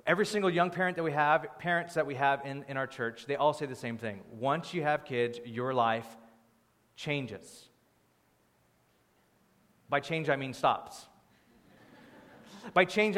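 A young male pastor delivers a sermon in a chatty, animated way, tossing in playful asides. His voice sits a little high. The sound has a long hall reverb, as in a church sanctuary.

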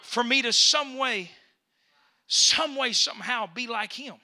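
Man, pastor, fervent preaching, high voice, repeats himself, bursts into shouts. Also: a little slow. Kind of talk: impassioned preaching.

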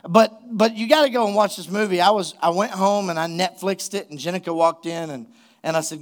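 High-voiced preaching pastor. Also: male voice. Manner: casual, storytelling preacher with quick asides; rising, emphatic exhortation. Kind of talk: sermon.

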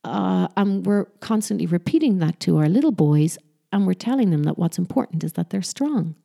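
Low, gravelly-voiced woman chatting about parenting. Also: animated, moderate pace, mellow. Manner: chatty, self-correcting, slips into mock sing-song voices when quoting. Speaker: parent giving parenting advice. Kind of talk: casual talk to camera.

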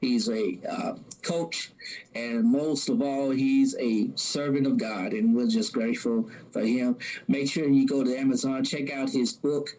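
A man wraps up his podcast in a relaxed, gracious way. His voice sits at an ordinary pitch, and he laughs easily as he talks. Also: unhurried, poor audio. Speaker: podcast host. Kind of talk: casual podcast interview outro.

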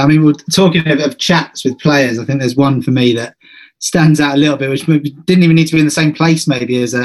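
A man in his thirties hosting a podcast, telling stories in a chatty, self-deprecating way and laughing along as he goes. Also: mid-range voice. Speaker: podcast host. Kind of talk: casual storytelling chat.

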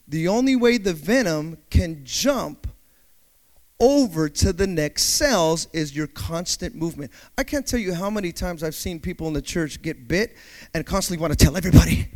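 A male pastor delivering a dynamic sermon, swinging between quiet explanation and loud call-outs, acting out panicked voices and asking the congregation to respond. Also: high-pitched, lively intonation. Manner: acts out panicked voices in quick asides.

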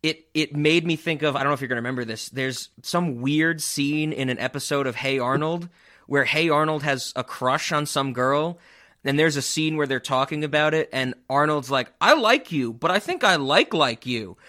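Bright-voiced man chatting about movies. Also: on the high side, fairly even intonation, normal speed. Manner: chatty, self-deprecating, laughs often. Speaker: podcast co-host. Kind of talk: casual movie discussion.

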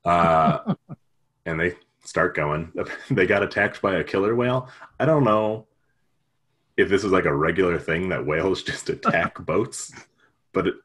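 A man's voice: deep voice, unhurried, fairly bright tone, slightly rough. A man retelling a story in casual chat, rambling and jokey, with lots of fillers.

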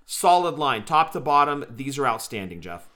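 An excitable man co-hosting a casual podcast who keeps tossing in "dude". His voice is bright and forward, with a mid pitch. He gushes and weighs things out loud in an easygoing way. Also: normal speed. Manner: enthusiastic, says "dude" often. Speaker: podcast co-host. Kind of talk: casual chat.

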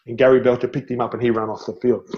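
A man's voice: medium pitch, very fast. A middle-aged Australian man tells stories as a podcast guest, his voice rising and speeding up when the tale gets good, with laughs breaking through. The audio is a little dull and muffled, like a simple podcast setup. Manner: animated storyteller, laughs often, says "mate". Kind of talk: storytelling interview.

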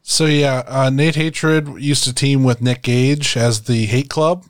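A man's voice: mid-range voice, fairly even intonation, slow pace, dry recording, studio quality. A man on a podcast in casual chat, filling in background in an informative, laid-back way.

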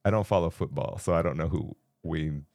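A man's voice: rumbling low, a little fast, creaky, darkish tone. A man co-hosting a casual recap podcast, walking through show details with light jokes. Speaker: podcast co-host.

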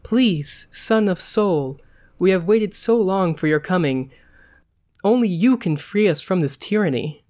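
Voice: very animated, normal speed, close to an everyday voice. A podcast host reading a story aloud, voicing a young actress in a raised, emphatic voice. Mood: pleading. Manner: higher, emphatic. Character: young actress, sharp and exasperated.

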